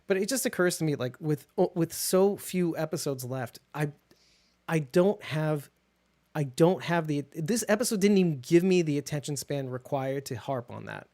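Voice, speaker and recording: A podcast co-host chatting through a TV episode recap. The speaker sounds eager and keyed up, with words piling on quickly. The voice sits at an ordinary middle pitch. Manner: excitable, talks fast when worked up. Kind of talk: casual TV recap chat.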